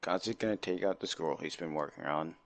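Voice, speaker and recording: A man's voice: low voice, fairly quick, no echo. A man acting as game master, plainly explaining and narrating a tabletop game.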